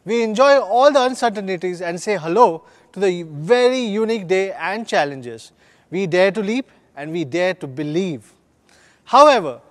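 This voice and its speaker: A man, a company executive delivering an earnest, upbeat scripted keynote at a product launch. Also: high voice.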